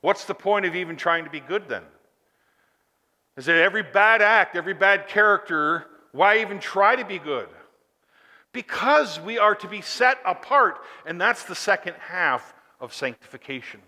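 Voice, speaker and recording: High bright-voiced preacher in a reverberant hall. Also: male voice, animated, moderate pace. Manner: emphatic, rhetorical questions, swings from loud to hushed. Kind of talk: sermon.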